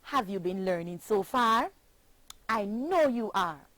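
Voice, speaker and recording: A woman's voice: medium pitch, expressive, fairly bright tone, no room sound, rough recording. A Jamaican woman teaching children a pronunciation lesson, chanting phrases and spelling words out letter by letter. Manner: slow, sing-song chanting with patient spelling out.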